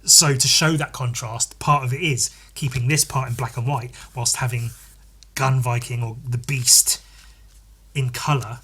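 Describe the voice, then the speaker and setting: A male podcast host talks casually and swears freely, acting out scenes with his own sound effects. His voice is bright with a husky grain. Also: medium pitch, steady tone, unhurried. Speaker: podcast host and comic artist.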